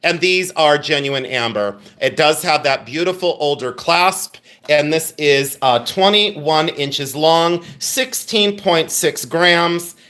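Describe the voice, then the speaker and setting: A man's voice: a little high, slow pace, pushed and bright. A middle-aged man hosting a live jewelry sale, chatting and teasing as he greets viewers by name. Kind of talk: live-stream sales chat.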